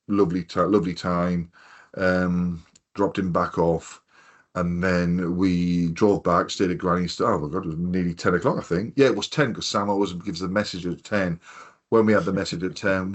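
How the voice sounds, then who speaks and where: A man with a Hartlepool accent from North East England, hosting a casual podcast and telling long, rambling stories with plenty of swearing. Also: deep voice. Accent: North East English, Hartlepool. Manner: rambling anecdotal storyteller, swears freely. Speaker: podcast host. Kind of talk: casual chat.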